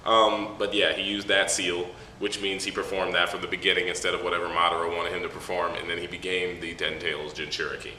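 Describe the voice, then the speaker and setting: A man's voice: deep voice, little pitch movement, a little fast, hardly any pauses, pushed and bright. A man casually reviewing a manga chapter on a camera mic, rambling with profane, laughing asides. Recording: echoey room, faint noise.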